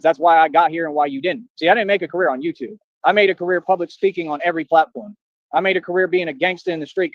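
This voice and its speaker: Fast-talking confrontational man. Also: on the high side, dry recording, lo-fi sound. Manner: confrontational street slang. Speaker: livestream host. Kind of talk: livestream rant.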